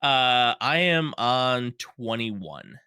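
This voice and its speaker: A man co-hosting a casual podcast, animated and laughing often as he acts out his own reactions. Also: mid-range voice, very slow, a crowd in the background. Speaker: podcast co-host. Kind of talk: casual chat.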